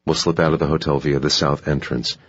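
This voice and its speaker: A man voicing a calm, guarded male operative who speaks tersely in an audiobook. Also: very deep voice, a little fast, husky, no echo, muffled recording, exaggerated voice. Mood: reassuring. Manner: terse, controlled.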